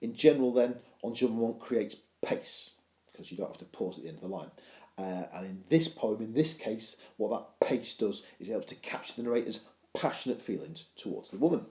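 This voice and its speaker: A man's voice: on the low side, animated, a little fast, darkish tone, roomy sound. A male teacher giving a video lesson on poetry analysis, explaining with playful, self-mocking humour.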